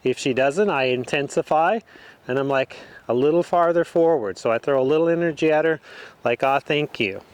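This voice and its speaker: Clear-voiced man teaching horse work. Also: a little high, fairly quick. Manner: relaxed, talks the viewer through each step. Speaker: horse trainer. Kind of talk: casual instruction while working a horse.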